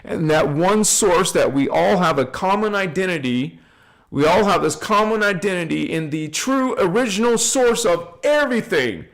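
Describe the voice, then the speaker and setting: A man's voice: high-pitched, animated, normal speed, a bit bright. A man giving an informal spiritual talk to viewers, emphatic and repetitive, chanting affirmations and lists of names. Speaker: spiritual channel host.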